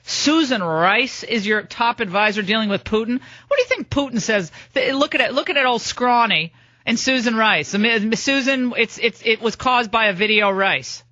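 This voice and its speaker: A middle-aged woman hosting a political talk radio show, delivering a sarcastic, mocking monologue of rapid-fire lists. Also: a little high, animated, bright, forceful tone, no echo, muffled recording.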